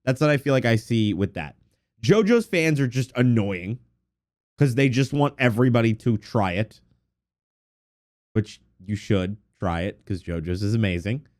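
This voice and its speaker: A man's voice: medium pitch, normal speed. Congested young man chatting animatedly. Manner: animated, swears freely, laughs often. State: congested from allergies. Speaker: podcast co-host. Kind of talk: casual podcast chat.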